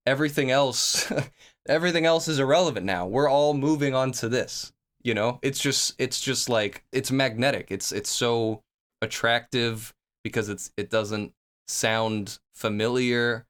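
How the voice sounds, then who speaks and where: A man with a smooth, clear, mid-pitched voice reacts to songs in loose, eager chatter. He circles back and restarts his sentences as he works out what he thinks. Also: measured pace, a bit bright. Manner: enthusiastic, thinks aloud with many restarts. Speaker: music reaction host. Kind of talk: casual rambling reaction talk.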